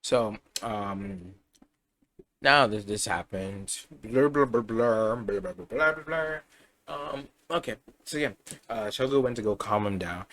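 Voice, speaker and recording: A young man casually improvising a fan story aloud, rambling and correcting himself as he goes. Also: on the low side. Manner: rambling, self-correcting, chatty.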